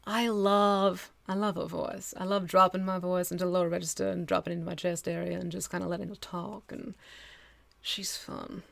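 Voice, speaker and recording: A woman's voice: fairly low pitch, flat delivery, a little fast, creaky, no echo. A woman from northwestern New Jersey with a local accent, chatting casually and laughing easily as she demonstrates miniature painting on a live stream. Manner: chatty, laughs easily, thinks aloud while working.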